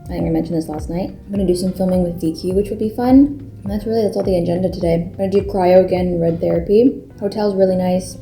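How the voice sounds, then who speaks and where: Chatty young woman vlogging, low voice. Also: vocal fry, mellow. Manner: chatty, lots of "like", acts out quoted reactions. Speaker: bodybuilding competitor vlogger. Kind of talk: casual vlog talk to camera.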